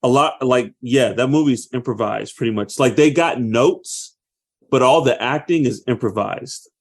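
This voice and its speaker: Animated man co-hosting a podcast. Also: mid-range voice, normal speed. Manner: animated, acts out movie quotes with loud outbursts. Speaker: podcast co-host. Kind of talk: casual chat.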